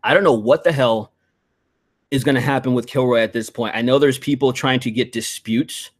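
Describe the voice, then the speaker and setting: A man's voice: mid-range voice, normal speed. Man ranting profanely in casual chat. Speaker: podcast host.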